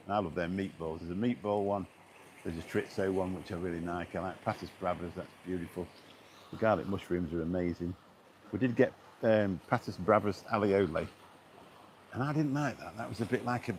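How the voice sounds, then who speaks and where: This is a middle-aged man on a beach walk, talking casually to live-stream viewers in a deep, low-pitched voice. Chatty and rambling, he keeps restarting sentences and saying um. The phone recording carries a faint background hiss.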